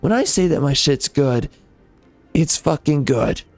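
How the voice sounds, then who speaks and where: A man's voice: fairly high pitch, expressive, measured pace, darkish tone, no echo, soft background music. A man who hosts a gaming channel, delivering a bitter, profane rant at his viewers. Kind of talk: angry rant to the audience.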